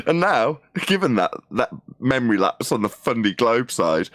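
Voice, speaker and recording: A man with a mid-pitched, very animated voice trades dry, sarcastic jokes on a live stream. His voice is close and dry, with no room echo. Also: a little slow. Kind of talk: casual live-stream chat.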